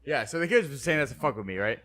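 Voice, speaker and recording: A man's voice: mid-range voice, very fast. A man hosting a podcast, chatting casually as a rambling storyteller who acts out what others said. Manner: rambling storyteller, quotes people in animated bursts. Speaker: podcast host. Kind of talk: casual chat.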